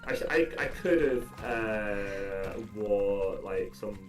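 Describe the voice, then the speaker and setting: Low-voiced hesitant man. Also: faint music behind. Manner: hesitant, halting, many fillers. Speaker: community ambassador. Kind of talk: casual livestream chat. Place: gaming livestream with game music behind.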